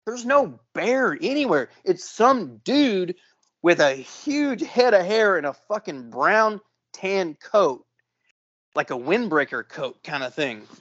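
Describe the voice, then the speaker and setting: A man's voice: high voice, slow pace, no echo, lo-fi sound. A man telling a long story on a casual podcast, swearing often and acting out the other people in it. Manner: profane, animated storyteller. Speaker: podcast co-host.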